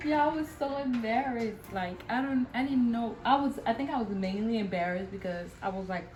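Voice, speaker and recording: A woman's voice: on the high side, expressive, brisk, few pauses, faint music behind, rough recording. Young woman telling a candid personal story. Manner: candid and rambling, with many "like"s and "y'all"s. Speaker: vlogger, new mother sharing her story. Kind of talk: casual personal storytelling to camera.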